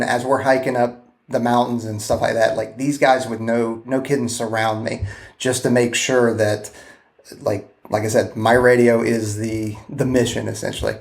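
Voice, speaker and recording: A man speaks in a mid-range voice, telling a mission story on a podcast. He halts often, restarting sentences and filling gaps with ums. The talk is loose and conversational. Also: medium pitch. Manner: halting, many fillers and restarts. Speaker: guest, former joint terminal attack controller.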